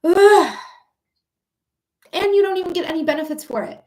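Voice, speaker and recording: Speaking very fast in a very high but darkish voice, a woman runs a psychic livestream. Between thanking viewers, she goes on angry, profanity-filled rants aimed straight at her audience in casual chat.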